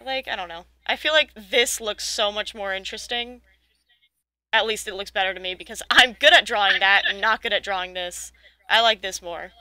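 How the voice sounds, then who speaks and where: A woman in her twenties in casual chat, chatty and quick to chime in with jokes. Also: medium pitch, sharp tone, no room sound, rough recording. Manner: chatty, quick joking interjections.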